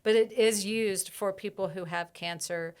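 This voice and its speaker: A woman herbalist in a casual podcast interview, reflective, pausing often with fillers and laughing easily. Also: mid-range voice, steady tone, a little mellow, clear, resonant tone. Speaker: herbalist guest.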